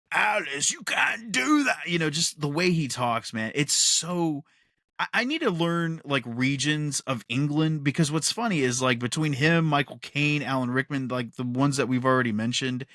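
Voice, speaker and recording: A man's voice: mid-range voice, moderate pace, a bit bright, dry recording, clean studio sound. A man co-hosting a podcast in a casual chat, rambling with enthusiasm and laughing often. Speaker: podcast co-host.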